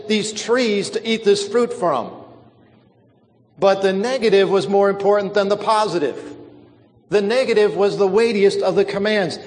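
A man's voice: high voice, in a large hall. A man preaching a sermon, stretching out and stressing key words for emphasis.

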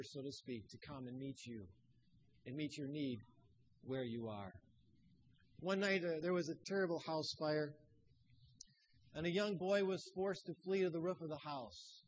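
A man preaching a sermon, telling stories and dropping his voice low and soft for emphasis. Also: husky, low-quality recording. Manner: storytelling preacher who drops to hushed tones.

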